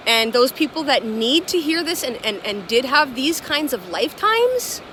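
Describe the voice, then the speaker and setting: A woman's voice: high-pitched, sing-song, sharp tone, a little hiss or hum. A woman talking to her viewers in a casual spiritual vlog, earnest and gushing, repeating affirmations and restarting her sentences. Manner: halting, many restarts. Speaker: spiritual vlogger channeling light language.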